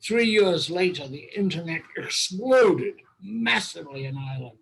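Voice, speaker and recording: A man's voice: on the high side, expressive, normal speed, creaky, a bit bright, breathy edge, rough recording. An older man with an English accent hosts an online roundtable, telling long, wry, humorous anecdotes. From England. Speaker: host. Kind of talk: anecdotal storytelling.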